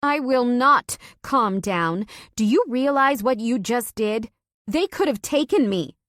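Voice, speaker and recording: A woman voicing an outraged young wife who shouts her words in a heated, raised voice. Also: a little high, moderate pace, no room sound, studio quality, pitched above the performer's own voice, close to an everyday voice.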